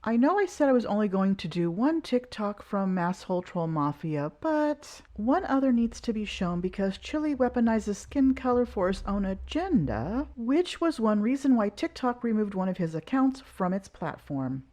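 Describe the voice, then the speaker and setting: A woman's voice: mid-range voice, very animated, normal speed, few pauses, a little mellow. Sarcastic woman commentator. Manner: sarcastic, critical. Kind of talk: critical commentary voice-over.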